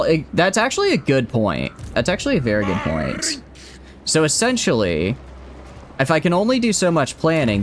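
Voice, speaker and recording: A man's voice: lowish voice, dry recording. A man with a Southern US accent, a game streamer talking playfully and teasingly to his chat while he plays. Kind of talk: casual live-stream chat.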